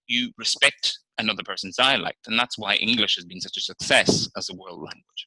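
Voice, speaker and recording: A man's voice: on the low side, brisk, few pauses, bright, forceful tone, slightly rough, dry recording, low-quality recording. A young man with a Northern Irish accent gives a prepared practice speech in a frank manner, with many fillers and open irritation. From Northern Ireland. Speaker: speaker in an interpreting practice speech.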